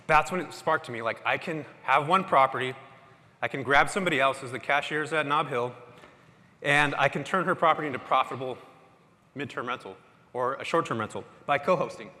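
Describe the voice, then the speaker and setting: A man giving an energetic, casual motivational talk to a live audience in a large hall, often quizzing the crowd. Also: medium pitch, moderate pace, pauses often. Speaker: conference speaker. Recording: echoey hall with long reverb.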